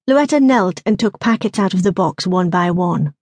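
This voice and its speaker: Her voice sitting on the low side, a woman reads a scripted audiobook in an even, measured storytelling manner. It's captured dry on a close studio mic.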